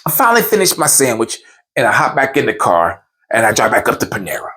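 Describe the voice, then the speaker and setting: A man telling a funny true story in a casual, conversational way. His pitch is very lively and swings widely. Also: quick pace. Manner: animated, conversational. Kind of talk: comedic storytime.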